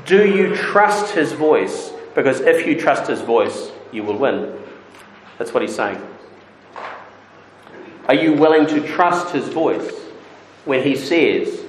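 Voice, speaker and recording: A man's voice: mid-range voice, sing-song, slow, pauses often, reverberant, slight background noise, poor audio. A male preacher giving a sermon, explaining a point plainly and then building to rising, insistent rhetorical questions.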